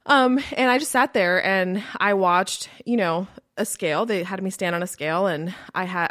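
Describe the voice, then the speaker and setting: A woman's voice: lowish voice, a bit bright, no echo, clean studio sound. Chatty woman telling a personal story. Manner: chatty, lots of "like" and "um" fillers. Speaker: podcast host; entrepreneur. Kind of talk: casual storytelling monologue.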